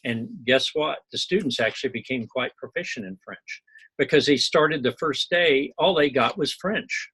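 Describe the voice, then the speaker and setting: Middle-aged male lecturer from Missouri, folksy and digressive, with a rough, breathy edge to the voice. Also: mid-range voice, normal speed, a bit bright, poor audio. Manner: rambling, folksy, digressive with asides and small jokes. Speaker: university instructor. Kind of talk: recorded lecture commentary.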